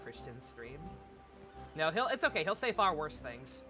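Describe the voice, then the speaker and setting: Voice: medium pitch, sing-song, normal speed. A streamer giving casual, irreverent commentary over a game, joking and laughing often. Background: game audio and music.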